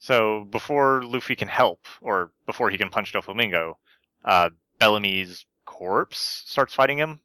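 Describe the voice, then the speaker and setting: Low voiced guy quipping in a podcast chat, no room sound. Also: bright, forceful tone, no room sound. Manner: quick dry quips. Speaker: podcast co-host. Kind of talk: casual chat.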